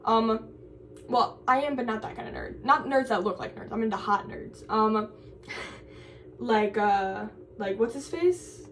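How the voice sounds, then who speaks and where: A young woman in college tells a story in a casual vlog, her voice a touch high as she rambles, full of "like" and restarts. She sits a little back from the mic. A faint hum of noise runs underneath. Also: a little slow, far from the mic. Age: young adult. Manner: rambling, animated storytelling with lots of "like". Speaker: college student vlogger.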